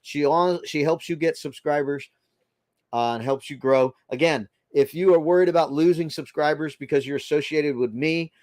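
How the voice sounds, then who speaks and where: A man's voice: fairly high pitch, normal speed, a little mellow, no room sound. A man from the Boston area with a slight Boston accent, hosting a casual live stream and greeting viewers by name, with a rambling, filler-heavy way of talking.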